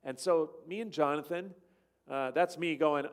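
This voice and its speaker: A man with a slightly high voice tells a travel story to a church gathering over slides. He rambles from point to point and slips into the voices of the people he quotes. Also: a little slow. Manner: rambling, acts out quoted dialogue. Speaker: church speaker.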